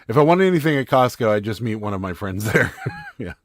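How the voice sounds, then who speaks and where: A man's voice: mid-range voice, huge pitch swings, fairly quick, no echo, clean studio sound. A man co-hosting a casual live stream, joking and reading viewer comments aloud. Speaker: livestream co-host.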